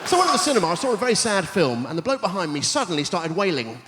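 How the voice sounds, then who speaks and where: A man doing stand-up, delivering quick punning one-liners with deadpan setups on a theatre stage. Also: high voice, long reverb tail, heavy background noise. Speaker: stand-up comedian. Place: large theatre stage before a live audience.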